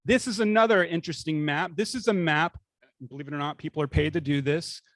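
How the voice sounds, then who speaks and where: A man's voice: fairly high pitch, moderate pace, a bit bright, no room sound. A younger man with a faint Northeast Florida Southern accent, giving a conversational slide lecture to a club and asking for the next slides. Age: young adult. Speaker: guest speaker.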